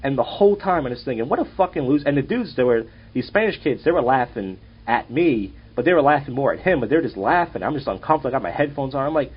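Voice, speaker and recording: A man's voice: mid-range voice, animated, fast, hardly any pauses, husky. A young man, hosting a casual podcast and telling rambling, profane stories. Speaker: podcast host and comedian. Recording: dull lo-fi audio.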